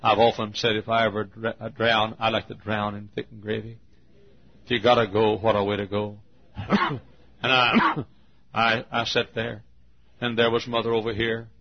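A man in his fifties from Texas preaching a sermon, telling a long personal story in an earnest, drawn-out way. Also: on the low side, level tone. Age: 50s. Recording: dull lo-fi sermon recording.

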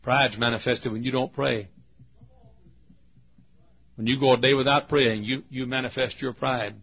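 A man preaching a folksy storytelling sermon, dropping to hushed tones and rising again, on a lo-fi recording. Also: medium pitch, fairly even intonation, moderate pace, long pauses, husky. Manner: folksy, swings from hushed to loud.

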